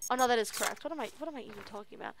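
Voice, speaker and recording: A high-pitched woman narrates her own video game playthrough, muttering to herself between louder comments. The recording carries a steady hiss beneath her voice. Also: rapid-fire, creaky. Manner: talks to herself while working, mutters under her breath. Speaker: streamer. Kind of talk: let's play commentary.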